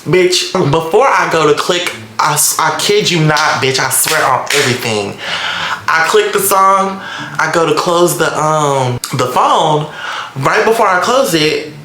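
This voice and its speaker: Animated young man with a bright voice. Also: on the high side, a little slow, slight background noise. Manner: animated, dramatic, profane storytelling. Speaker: vlogger. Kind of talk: storytime vlog. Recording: echoey room.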